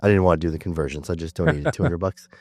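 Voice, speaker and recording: Deep-voiced man hosting while sick. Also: very fast, gravelly, dry recording. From Canada. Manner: relaxed, chatty, self-deprecating with fillers. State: sick, under the weather. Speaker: podcast host. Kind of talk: casual chat.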